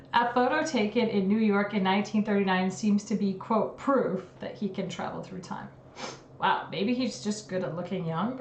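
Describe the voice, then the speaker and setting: A woman's voice: medium pitch, roomy sound, slight background noise. A woman hosting a casual livestream, chatty and giggly as she reacts to what she reads. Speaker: livestream host. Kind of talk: casual livestream chat reading conspiracy theories.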